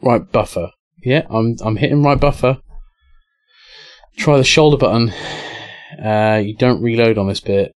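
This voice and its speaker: A man's voice: mid-range voice, measured pace, long pauses, no echo. A young English man streaming a game, chatting casually, swearing and reading out chat. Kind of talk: casual live-stream commentary.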